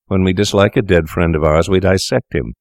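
A man's voice: sits low, fairly quick, dry recording, studio quality. A man reading an audiobook, voicing an anxious young male medical student who sounds uneasy and protesting.

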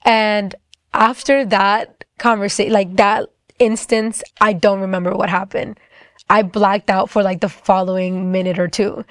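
A young woman tells her faith testimony in a loose, conversational way and acts out everyone's lines as she goes. Her voice sits at an ordinary pitch and sounds close and dry, with almost no room sound around it. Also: little pitch movement, unhurried, no room sound. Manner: storytelling, acts out the dialogue, often says "like". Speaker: person sharing a faith testimony. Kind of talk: casual spoken testimony.

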